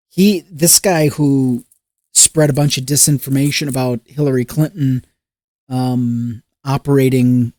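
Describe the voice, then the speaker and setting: A podcast co-host in casual political chat, exasperated and animated, swearing freely. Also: mid-range voice, dry recording, studio quality.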